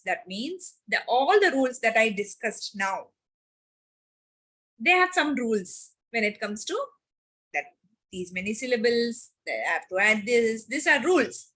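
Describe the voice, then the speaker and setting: Lady teaching a kids grammar class, brightish slightly high voice, stresses and repeats words. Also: animated. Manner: emphatic, repeats key words, slows on examples. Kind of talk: online class lesson.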